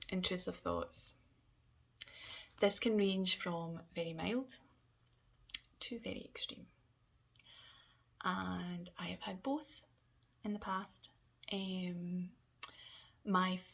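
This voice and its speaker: A woman talking candidly in a personal vlog, hesitant and halting, often sinking to a soft near-whisper. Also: fairly low pitch, vocal fry, slightly rough. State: emotional. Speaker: vlogger.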